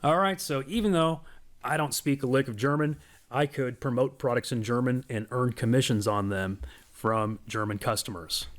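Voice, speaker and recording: A man giving a casual, explanatory walkthrough of a software product on screen. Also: medium pitch. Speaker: software demo presenter.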